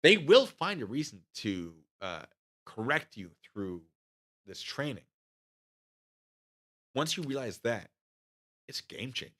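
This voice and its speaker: Speaking slowly with long pauses, this thirty-something channel host shares army training tales with his live chat in a relaxed way. His voice sits mid-range, and he gets animated, shouting loudly as he plays the other characters.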